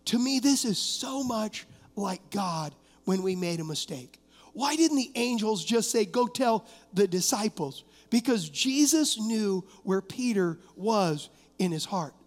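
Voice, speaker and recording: A man delivers an impassioned sermon from the pulpit. His voice sits unusually high, and he keeps turning to the congregation with direct questions. Long reverb from the church sanctuary trails every phrase. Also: expressive, a little slow. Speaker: pastor.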